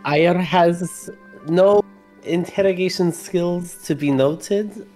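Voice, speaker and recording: Earnest, halting adventurer with broken grammar , voiced by a player, very slow delivery. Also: medium pitch, mellow, faint music behind, voice pushed up, close to an everyday voice. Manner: speaks of self in third person, broken grammar.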